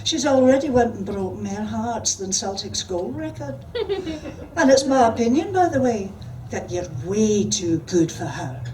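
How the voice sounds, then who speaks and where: A woman voicing a brash, cheeky drag queen with a Scottish accent and a breathy drawl, recorded from a distance with background noise. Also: fairly high pitch, big pitch swings, unhurried, warm tone, reverberant. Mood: teasing, theatrical.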